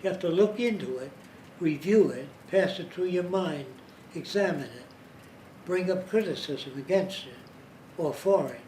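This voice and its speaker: A man's voice: fairly high pitch, lively intonation, measured pace, dark tone. A man giving an informal lecture, explaining his point step by step and now and then mimicking how others talk. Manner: explanatory, slips into mimicking accents. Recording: roomy, distant mic, faint hiss.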